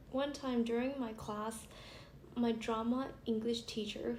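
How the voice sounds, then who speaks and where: Giggly young woman in an echoey room. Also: a little high. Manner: chatty, giggly, trails into soft asides. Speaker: vlogger. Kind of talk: casual chat, reading stories aloud. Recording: echoey room with faint background hiss.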